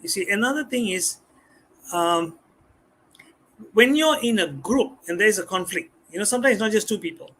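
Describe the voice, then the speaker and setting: A man, a guest speaking on a live stream, animated and repeating words as he explains. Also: sits high, moderate pace, pauses often. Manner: animated, acts out customers' voices, repeats words. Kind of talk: live-stream talk on communication skills.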